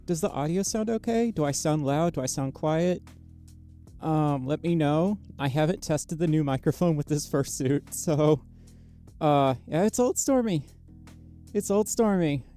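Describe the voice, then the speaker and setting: A tired livestreamer chatting casually with viewers, speaking quietly and haltingly, with lots of fillers and a microphone right up against the mouth inside a costume head. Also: soft background music. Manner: quiet, low-energy, halting with many fillers. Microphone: microphone very close to the mouth inside a costume head.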